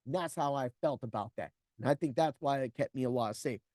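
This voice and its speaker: A man's voice: mid-range voice, a little fast, darkish tone, no room sound, studio quality. A man in his forties hosting a podcast, telling a personal story in a blunt, profane way and acting out other people's lines. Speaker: podcast host.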